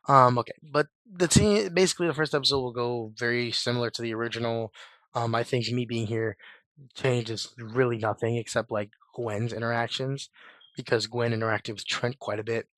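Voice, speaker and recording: A man hosting a casual fan video, hoarse from a cold, rambling with many fillers and shrugging details off. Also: mid-range voice, steady tone, normal speed, fairly bright tone, no echo, clean studio sound. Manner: rambling, filler-heavy, shrugs things off with "blah, blah". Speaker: YouTube host. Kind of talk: casual fan-theory chat.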